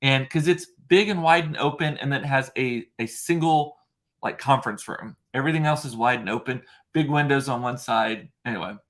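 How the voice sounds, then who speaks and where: A man's voice: medium pitch, a little fast, a bit bright. A man hosting a casual solo chat show, talking in a chatty, rambling way with frequent fillers. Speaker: host.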